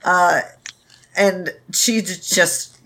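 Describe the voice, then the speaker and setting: A woman's voice: fairly low pitch, steady tone, very slow, fairly bright tone. A woman co-hosting a casual book discussion, recapping scenes with wry jokes.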